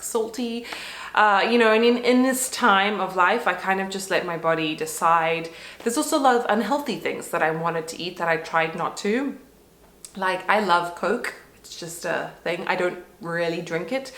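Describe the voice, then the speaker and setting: A woman's voice: medium pitch, a bit bright. A woman vlogger and mother with a congested nose, chatting casually and rambling with lots of fillers. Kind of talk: casual chat to camera. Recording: roomy echo.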